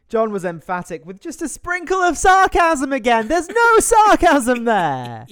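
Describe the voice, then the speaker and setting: A man's voice: extremely high pitch, wildly swooping pitch, unhurried, fairly bright tone, clear, resonant tone, no room sound, studio quality. A man co-hosting a casual book review podcast, firing back sarcastic retorts and swearing freely. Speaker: podcast co-host.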